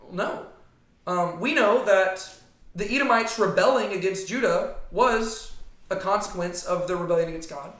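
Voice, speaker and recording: A man's voice: high voice, expressive, moderate pace, a bit bright. A man teaching a casual Bible study to a small group, talking conversationally and often checking in with "right?". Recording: echoey room.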